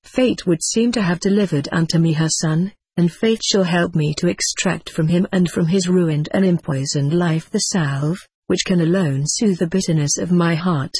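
A reader voicing a vengeful, scheming queen in an audiobook, in slow, archaic, brooding speech. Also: medium pitch, darkish tone, husky, no echo. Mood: bitter. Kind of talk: audiobook character reading.

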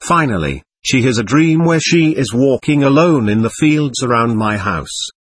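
Man voicing young woman's spirit, earnest, tender, husky, dry close sound. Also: mid-range voice, animated, moderate pace, dry recording.

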